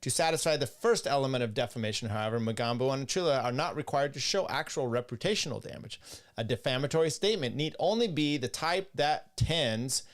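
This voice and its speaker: A man's voice: medium pitch, lively intonation, a little fast. A man hosting a livestream, reading court rulings aloud in a casual, rambling way and breaking off for sarcastic asides. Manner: casual, rambling, with fillers and restarts. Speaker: podcast host. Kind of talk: livestream legal commentary.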